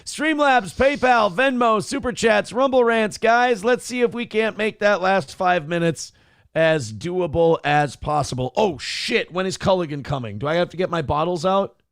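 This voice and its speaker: A male morning show host talks in casual, opinionated chat, crude and full of profanity. His voice sits a bit high with a gravelly edge. The sound is dry and close. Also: moderate pace, no room sound.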